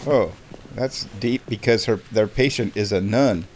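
A man in a casual comic vlog rant, sarcastic and animated, jumping to high exclamations. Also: a little slow, a little hiss or hum. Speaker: vlogger.

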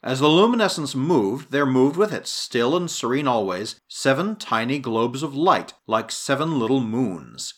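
A man narrating an adventure story in a dramatic, expressive reading style. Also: mid-range voice, a little slow, hardly any pauses. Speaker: audiobook narrator. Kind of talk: scripted narration.

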